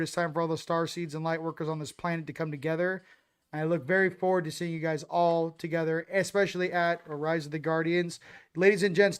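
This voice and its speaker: A man hosting a casual livestream, giving hyped shout-outs and rambling loosely to viewers. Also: sits high, clean tone. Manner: loose, rambling, repeats "ladies and gents". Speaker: host.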